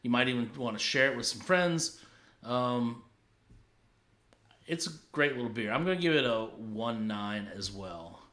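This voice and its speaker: A man co-hosts a relaxed drinks review chat. His voice is bright and forceful, and he talks in a loose, halting way, full of fillers. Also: mid-range voice. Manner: relaxed, hesitant with many fillers. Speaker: podcast co-host reviewing drinks. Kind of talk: casual chat.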